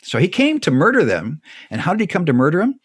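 Brief: man, expressive pitch, emphatic storyteller, dry close sound. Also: quick pace, breathy edge, dry recording. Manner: lively, emphatic, with frequent restarts. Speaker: guest speaker on theology. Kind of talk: animated conversational storytelling.

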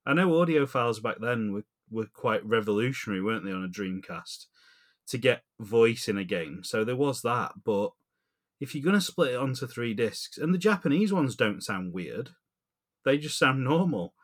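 Male podcast co-host, casual rambling chat, animated, mid-pitched voice. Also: normal speed. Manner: rambling, animated, laughs often.

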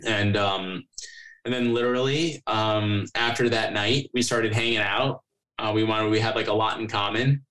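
A man with a fairly low voice, sitting in as a podcast guest. He talks casually, drifting through long stories with plenty of fillers and reenacted back-and-forth. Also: steady tone, moderate pace, a bit bright, poor audio. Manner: rambling storyteller, many fillers and acted-out dialogue. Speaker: podcast guest, company co-founder. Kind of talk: casual chat.

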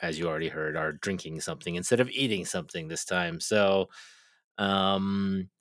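A man's voice: low-pitched, moderate pace, fairly bright tone, dry recording, studio quality. A man co-hosting a podcast, easygoing and self-mocking as he introduces a segment. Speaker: podcast co-host. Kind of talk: casual podcast chat.

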